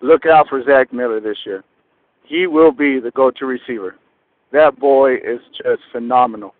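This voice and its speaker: A man's voice: medium pitch, moderate pace, dry recording. A man from Texas calling in to a show, an eager, rambling, fired-up fan. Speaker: caller. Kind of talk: excited phone-in call. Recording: tinny phone line.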